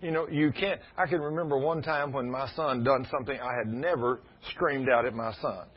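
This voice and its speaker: Husky preacher, muffled recording. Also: male voice, medium pitch, brisk. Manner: folksy storytelling, rising to loud emphasis. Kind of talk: sermon. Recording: muffled lo-fi sound.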